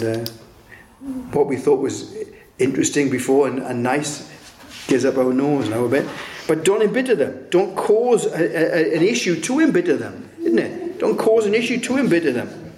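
A man's voice: mid-range voice, animated, normal speed, a little mellow, slight background noise. A man preaching a sermon in a conversational way, often turning points into rhetorical questions. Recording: roomy echo.

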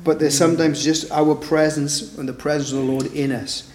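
Brief: a slightly high-voiced man leading a Bible study, chatty and conversational, recorded in an echoey room. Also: little pitch movement, moderate pace, a little mellow. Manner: conversational, with frequent "isn't it?" tag questions. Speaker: preacher. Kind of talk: informal Bible study preaching.

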